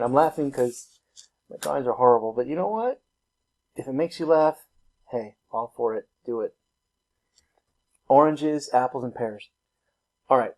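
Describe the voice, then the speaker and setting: The speaker is a man with a darkish, mid-range voice giving a recorded math lesson. He explains each step in a laid-back way, teasing himself and laughing at his own expense.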